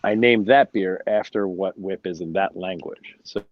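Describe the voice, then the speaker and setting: Guest brewery owner, man, lively joker, low voice on a dull dry phone line. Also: normal speed. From United States. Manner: animated storyteller, jokey. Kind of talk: casual chat over a phone line. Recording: muffled dry phone-call audio.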